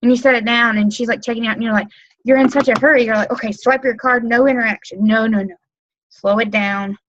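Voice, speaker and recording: A woman's voice: on the high side, steady tone, fast, fairly bright tone, muffled recording, slight background noise. A woman giving casual training on a webinar, rambling with lots of um, like and you know. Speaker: direct sales consultant training new team members. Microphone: computer mic on a webinar.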